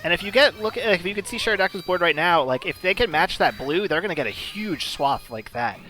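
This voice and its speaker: A man's voice: high-pitched, animated, a little fast, sharp tone. A man doing casual live commentary on a puzzle game tournament, chatty and explanatory, with many fillers.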